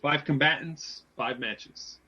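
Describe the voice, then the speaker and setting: Bright-voiced male co-host on lo-fi audio. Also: on the high side, slow pace, breathy edge. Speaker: podcast co-host, scorekeeper. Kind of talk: casual podcast chat. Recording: dull lo-fi audio.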